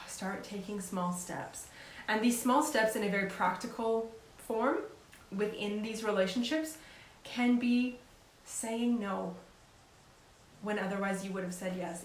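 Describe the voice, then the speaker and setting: A woman life coach giving casual, encouraging advice in an earnest, conversational way. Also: mid-range voice. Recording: echoey room with faint hiss.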